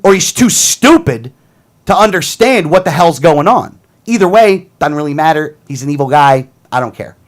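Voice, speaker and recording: A man's voice: on the high side, expressive, normal speed. A man hosting a casual political talk show, ranting in a heated, combative way and often repeating himself.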